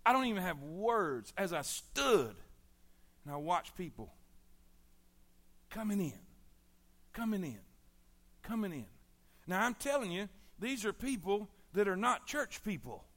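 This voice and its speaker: A middle-aged man with a drawl delivers an emphatic sermon. His voice sits high and sounds bright and forceful, and it swings between ringing exhortation and low, hushed appeals. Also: sing-song, normal speed. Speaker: preacher.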